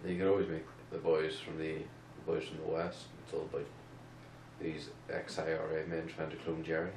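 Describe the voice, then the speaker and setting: Deep-voiced man with dry wisecracks. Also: monotone, moderate pace, a little mellow. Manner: dry, short interjections and wisecracks. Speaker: film review co-host. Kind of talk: casual film review chat. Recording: roomy, distant mic with faint room noise.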